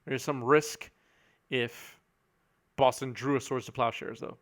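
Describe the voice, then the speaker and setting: A man giving live commentary on a card game match, chatty and quick to laugh while reading out viewer messages. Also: mid-range voice, fairly even intonation, fairly bright tone. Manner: chatty, reads out viewer chat, chuckles often.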